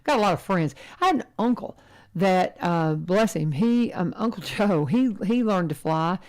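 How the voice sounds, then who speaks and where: Woman, middle-aged, radio host, chatty and animated, gravelly edge. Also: on the low side, normal speed. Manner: chatty, animated, laughs often. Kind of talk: casual radio chat.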